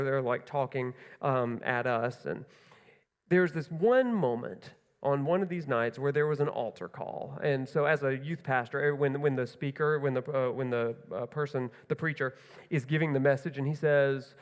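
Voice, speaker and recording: A man, a youth pastor, telling rambling self-mocking stories in a church talk, full of restarts. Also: mid-range voice. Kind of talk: comic sermon storytelling. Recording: long hall reverb.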